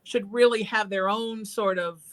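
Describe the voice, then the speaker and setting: Her delivery is a little slow, with medium pitch, fairly even intonation and a slightly bright sound. An Irish-heritage psychic, she hosts a call-in talk show and encourages callers with heartfelt, conversational guidance.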